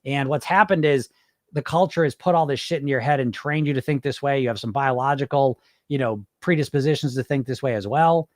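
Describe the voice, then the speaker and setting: A man's voice: medium pitch, a little fast, no room sound, studio quality. A man hosting a podcast as a weight loss coach, talking bluntly and with swearing, acting out voices in his head. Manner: blunt, animated, swears freely, acts out inner voices. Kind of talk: casual podcast monologue.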